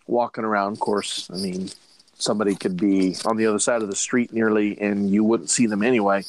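Throat-clearing man narrating a game. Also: mid-range voice, darkish tone, no echo, low-quality recording. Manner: keeps clearing his throat, rambling narration. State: frog in his throat. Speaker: game master.

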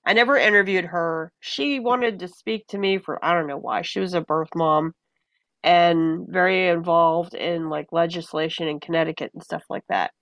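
Gravelly low-voiced woman telling stories. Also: moderate pace, no echo. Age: adult mother of a young child. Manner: animated, acts out voices in her anecdotes. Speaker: podcast guest. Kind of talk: casual storytelling conversation.

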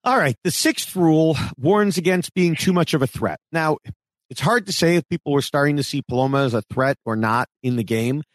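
A man co-hosting a podcast, chatting casually and growing animated when he quotes other people. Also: fairly high pitch, fairly quick, dry recording. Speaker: podcast co-host.

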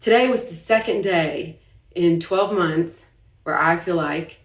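A woman's voice: on the low side, unhurried. A young woman talking on a late-night live video, rambling and confessional and holding back tears, saying she feels anxious. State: anxious, heart racing. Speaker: business owner livestreaming. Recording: roomy echo, somewhat far from the mic.

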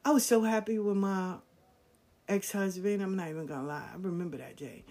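Frank, animated New woman storyteller. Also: medium pitch, fairly quick. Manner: animated, acts out quoted voices, slangy and frank. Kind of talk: casual personal storytelling.

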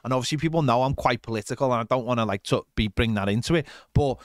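A man's voice: mid-range voice, fast talker, no echo, studio quality. A man from Liverpool with a Scouse accent, co-hosting a podcast in casual, emphatic chat and often saying "mate". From Liverpool, England. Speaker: podcast co-host.

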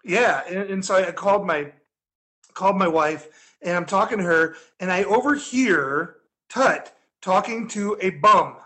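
High-voiced man telling a rambling story. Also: a little slow. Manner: rambling, animated, laughing often. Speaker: podcast guest storyteller. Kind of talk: casual storytelling.

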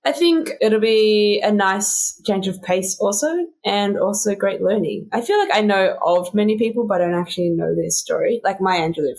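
A young woman co-hosting a podcast, chatting casually and poking fun at herself. She laughs easily. Her voice sits at a middle pitch. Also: normal speed, few pauses, darkish tone, slight background noise. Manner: chatty, self-mocking, laughs often. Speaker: podcast co-host. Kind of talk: casual chat.

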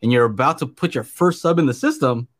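A man's voice: mid-range voice, fast. A man co-hosting a podcast in casual chat, easygoing and fond of teasing his co-host.

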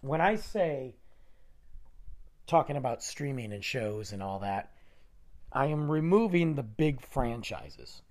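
Man, podcast host, nasal, losing his voice, lively pitch, rambling, close mic. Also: takes it slowly, pauses often. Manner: rambling, animated, restarting sentences. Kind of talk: solo podcast monologue. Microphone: close studio microphone.

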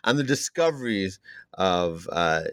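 Deep-voiced interviewer, halting. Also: male voice, lively intonation, a bit bright, clear, resonant tone, no room sound, clean studio sound. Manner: halting, filler-heavy questions. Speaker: podcast interviewer.

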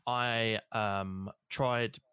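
A man's voice: fairly low pitch, steady tone, extremely slow, pushed and bright, clear, resonant tone, no room sound, clean studio sound. A man in casual chat, rambling through a game recap, swearing freely and acting out the characters. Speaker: podcast co-host recapping a game.

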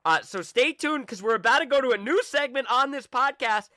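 A man co-hosting a podcast in casual chat, jumping in with quick remarks and closing out with plugs. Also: very high voice, expressive, sharp tone, no echo, clean studio sound. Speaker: podcast co-host.

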